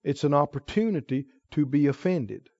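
A middle-aged male pastor preaching a sermon, moving between quiet emotional storytelling and forceful exhortation. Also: fairly high pitch, expressive, normal speed, no room sound, highs cut off.

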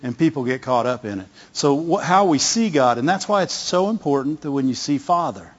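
A man's voice: medium pitch, lively intonation, brisk, hardly any pauses. A middle-aged male pastor giving a conversational sermon, often repeating words and asking the congregation "Amen?". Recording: long hall reverb, dull lo-fi sound.

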